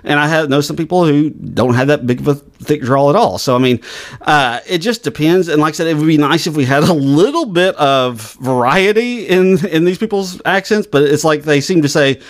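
A man with a mild Southern US accent, co-hosting a podcast in casual chat, talking fast and rambling with restarts. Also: a little high. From Southern United States. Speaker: podcast co-host.

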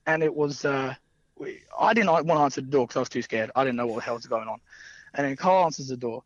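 A man's voice: mid-range voice, fast talker, dry recording. Rambling young man, dull dry sound. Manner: rambling, laughs often, many fillers. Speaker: wrestler guest. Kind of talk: casual anecdotal storytelling.

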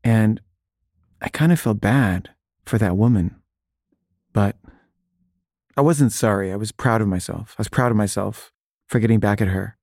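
A man's voice: fairly low pitch, normal speed, pauses often, a little mellow, no room sound, studio quality. A man casually telling a personal story, full of filler words.

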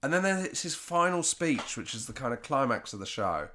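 A man's voice: medium pitch, sing-song, normal speed, sharp tone, slight background noise. A man in casual podcast chat, talking in a rambling, reflective way with lots of hedging fillers.

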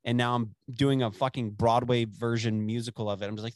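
A twenty-something man from West Texas rambles through casual chat, swearing and laughing as he goes. His voice sits at a middle pitch. The room is dry and close, with no echo. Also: fairly even intonation, brisk, hardly any pauses. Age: 20s.

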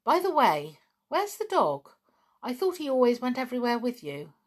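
A woman voicing a sullen teenage boy artist in a storybook reading, quiet and bitter. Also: high-pitched, wildly swooping pitch, normal speed, voice pushed up, full character voice.

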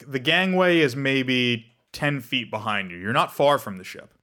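A man's voice: mid-range voice, sharp tone. A man running a tabletop game as game master, narrating playfully over background music. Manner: playful, doing quick character voices.

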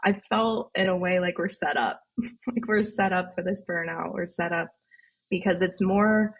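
A woman's voice: lowish voice, measured pace, breathy edge. A woman therapist, a podcast guest, talking candidly and reflectively about her own experience, laughing easily as she goes. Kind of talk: candid casual conversation.

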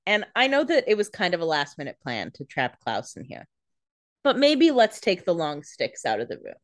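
A woman co-hosting a podcast in casual chat, with quick jokey reactions and frequent laughs. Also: on the low side, huge pitch swings, no echo, clean studio sound. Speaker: podcast co-host.

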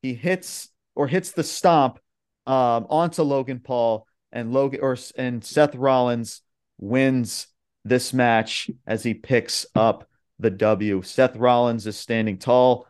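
A man's voice: mid-range voice, fairly even intonation, slow pace, a little mellow, smooth. A young man hosting a podcast, recapping wrestling matches in a rambling, casual way with lots of fillers and swearing. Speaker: podcast host.

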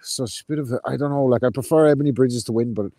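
A man's voice: medium pitch, rapid-fire, warm tone. A man co-hosting a boxing podcast, speaking in blunt, sweary banter. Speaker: podcast co-host. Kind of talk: casual chat. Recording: noisy line.

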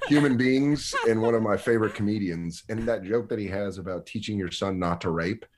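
A man's voice: on the low side, fairly quick, background noise. A young man, a comedian guest, telling stories casually on a podcast and acting out the quotes. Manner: animated storyteller acting out quotes.

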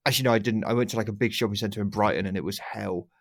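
A man's voice: on the low side, steady tone, very fast, creaky. A man co-hosting a podcast in casual chat, teasing and laughing, with some swearing. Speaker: podcast co-host.

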